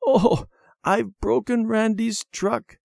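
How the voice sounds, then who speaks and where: Brief: man reading as a small girl, high and lively pleading voice, dry close read. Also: a little slow, no room sound. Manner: pleading, high childlike pitch. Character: little girl, eager and tearful. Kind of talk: storybook character voice.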